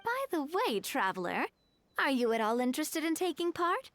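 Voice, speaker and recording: A woman's voice: sits high, very animated, normal speed, a bit bright. A woman voicing a gracious young woman leader in a video game, speaking politely and explaining things kindly. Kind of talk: video game cutscene dialogue.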